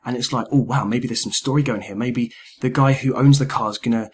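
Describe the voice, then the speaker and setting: A man's voice: medium pitch, fairly quick, husky. A man chatting casually about video games on a podcast, acting out characters' lines as he goes. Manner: animated, acts out quoted lines. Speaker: podcast host. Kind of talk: casual gaming chat.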